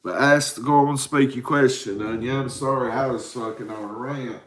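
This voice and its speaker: A man's voice: medium pitch, moderate pace, fairly bright tone. A man in his forties rambling and cussing on a late-night livestream, tired and answering viewers. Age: 40s. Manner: rambling, profane, drowsy. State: tired from a caffeine crash. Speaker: livestream host.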